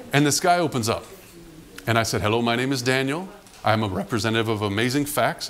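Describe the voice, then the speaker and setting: A man preaching a sermon, telling a personal story from his past and acting out the people in it. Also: medium pitch. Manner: animated storyteller, acts out quotes. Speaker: pastor.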